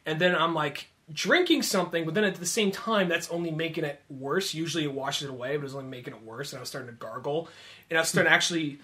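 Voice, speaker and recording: A man with a high, bright voice co-hosts a casual comedy podcast. He rambles through his stories, swears freely and acts out the voices of the people in them. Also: quick pace. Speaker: podcast co-host.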